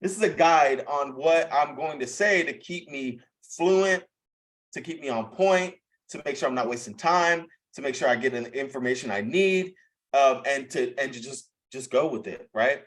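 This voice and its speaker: A young man hosts a live video call, coaching in a casual, blunt, profane and chatty style and saying "bro" and "okay" a lot. His voice is medium-pitched, normal in speed and fairly bright, though the recording quality is low.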